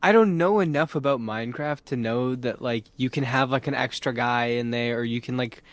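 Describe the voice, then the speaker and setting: Wry podcast co-host, dry sound. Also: male voice, medium pitch, fairly quick, no echo. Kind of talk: casual chat.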